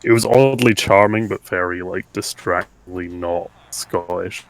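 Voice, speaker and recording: A man's voice: deep voice, measured pace, rough recording. A young man in casual gaming chat, talking while playing, chatty and laughing often. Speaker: let's play co-host.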